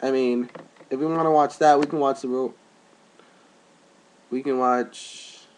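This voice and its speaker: A young man rambles through a casual vlog into a webcam at home, his voice sitting at an ordinary middle pitch. He piles on fillers and jumps way up high whenever he quotes someone. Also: fairly even intonation, measured pace. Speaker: vlogger. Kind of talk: casual chat.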